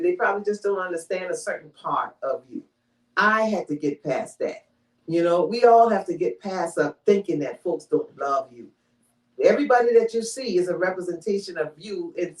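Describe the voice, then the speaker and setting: A woman's voice: on the low side, darkish tone. A woman preaches a conversational sermon to her congregation, teaching step by step and checking in with "all right?" along the way. She is recorded from a distance in an echoey hall, so her voice rings off the walls. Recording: echoey room, mic from far off.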